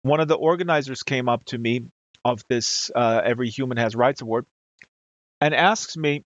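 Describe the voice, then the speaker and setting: A man's voice: mid-range voice, moderate pace, no room sound, highs cut off. Man rambling through a story. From Germany. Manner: rambling, many fillers and restarts. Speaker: livestream host. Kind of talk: casual storytelling to a live chat.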